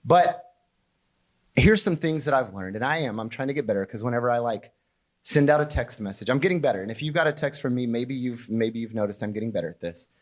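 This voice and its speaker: A man's voice: expressive, fast talker. A man preaching a conversational sermon as pastor of his church, casual and jokey. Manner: casual, jokey, mimics others in a high squeal. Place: church hall.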